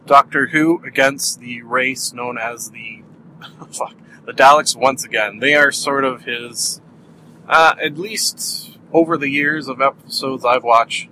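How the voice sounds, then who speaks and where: Casting note: Canadian male podcast host, bright and forward voice, self-amused rambling delivery. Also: medium pitch, slight background noise, poor audio. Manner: rambling, self-amused, laughs at own jokes. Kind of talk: solo rambling review chat.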